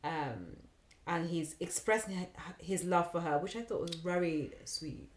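A woman's voice: fairly low pitch, unhurried, roomy sound, slight background noise. A woman co-hosting a podcast in easygoing casual chat, often agreeing and thinking aloud. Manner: easygoing, many fillers and agreeing yeahs. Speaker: podcast co-host.

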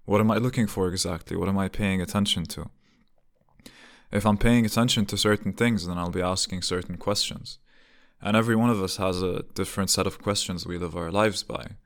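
A young man with a very deep voice that often drops into gravel muses aloud in a loose, casual monologue. He circles his thoughts with rhetorical questions and restarts his sentences as he goes. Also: steady tone, fairly quick, a bit bright.

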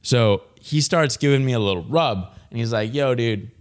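A man's voice: mid-range voice, expressive, normal speed. A young man in casual chat, rambling through a story with lots of fillers and laughs.

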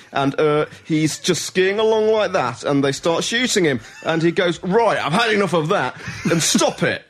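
A man hosting a comedy podcast, reading listener submissions aloud and telling a story with giggles and put-on voices. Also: a little high.

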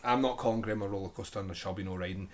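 A man's voice: on the low side, fairly even intonation, rapid-fire. A man hosting a casual podcast chat, joking and laughing often. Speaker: podcast host.

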